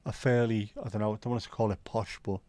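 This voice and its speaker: A man's voice: lowish voice, level tone, rapid-fire, mellow, no echo. A middle-aged man with a South Liverpool Scouse accent, chatting casually on a livestream and telling rambling, sweary stories. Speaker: livestream host.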